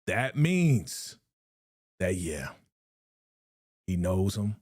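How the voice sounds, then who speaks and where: A man's voice: low-pitched, very slow, pauses often, dry recording, clean studio sound. A man hosting a live reaction stream in a casual, slangy way, repeating phrases and sighing often. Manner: animated, slangy, repeats phrases, frequent sighs.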